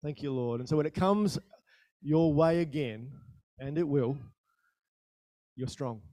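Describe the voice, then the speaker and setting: A man preaching a sermon in a conversational style, asking the listeners questions and telling stories with sudden bursts of loudness. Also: a little high, slow, no room sound, studio quality. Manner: animated storytelling with sudden rises in volume. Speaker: pastor.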